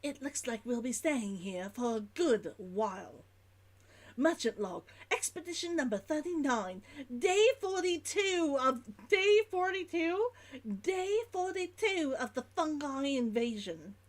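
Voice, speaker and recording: Weary stranded merchant with an Old London accent, dropped H's, theatrical Victorian log-reading, as a woman puts him on; high voice. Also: big pitch swings, a little slow. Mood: weary, grim. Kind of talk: reading a game log aloud in a put-on voice.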